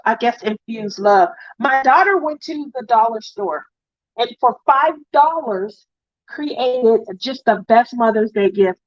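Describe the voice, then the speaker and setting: This is a middle-aged crafting livestreamer reading viewer comments and chatting, her family story coming out warm, talkative and emotional. Her voice is a little high, the audio has no echo, and the highs are cut off.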